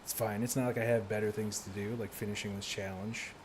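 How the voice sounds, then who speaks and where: Low-voiced rambling streamer guy. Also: little pitch movement, fast talker, noisy background. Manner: rambling, laughs often. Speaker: game streamer. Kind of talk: casual live-stream chat.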